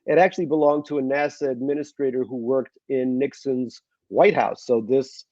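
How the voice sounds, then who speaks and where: Man, middle-aged, from Russia, slight Queens accent, chatty, self-deprecating, mellow tone, dry dull recording. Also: mid-range voice, fairly even intonation, normal speed, no room sound. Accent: slight Queens New York. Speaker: author guest. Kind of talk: conversational interview. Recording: dull lo-fi sound.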